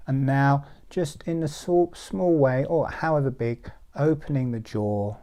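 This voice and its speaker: A man guiding a group through a relaxing breathing exercise, in a slow, soothing, hypnotic way. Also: mid-range voice, warm tone. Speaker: breathing teacher. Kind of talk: guided breathing instruction. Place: outdoor sacred site with a group.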